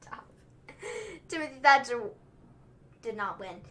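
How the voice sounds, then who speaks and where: A young woman runs a laid-back livestream recap, her voice high and bright and leaping all over its range. She talks slowly, teases her co-host, and keeps dissolving into giggles and trailing fillers. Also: animated. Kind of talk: casual recap chat.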